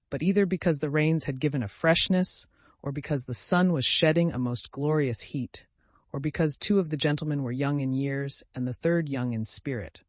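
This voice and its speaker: A man narrating a classic novel as an audiobook, reading in an expressive storytelling manner. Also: mid-range voice, dry recording. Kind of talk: scripted narration.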